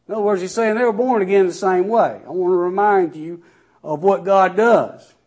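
A man delivers a sermon in a high-pitched voice. He reads scripture aloud and then explains it in everyday words. His volume rises and falls sharply to drive each point home. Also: moderate pace, darkish tone. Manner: raises and lowers his voice sharply for emphasis. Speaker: preacher.

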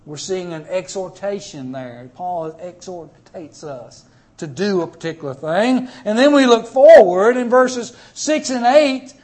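A man preaching a sermon. He speaks emphatically, with sudden swings in loudness and repeated words. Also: sits high, animated, a little slow.

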